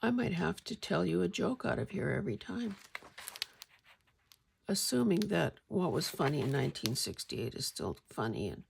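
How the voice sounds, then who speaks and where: A woman vlogger chatting casually about her finds in a wry, meandering way, often clearing her throat. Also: fairly low pitch, very animated, moderate pace, slight background noise. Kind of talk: casual show-and-tell chat.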